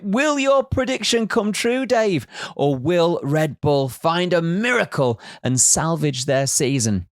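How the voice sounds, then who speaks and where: A man's voice: on the high side, no room sound, studio quality. A man presenting a scripted race recap, with jokey teasing asides.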